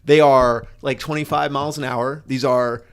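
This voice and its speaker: A man's voice: medium pitch, fairly even intonation, normal speed, smooth. A man chatting casually on a live stream as a motorcycle streamer, rambling and swearing, with frequent restarts. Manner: rambling, profane, restarts often.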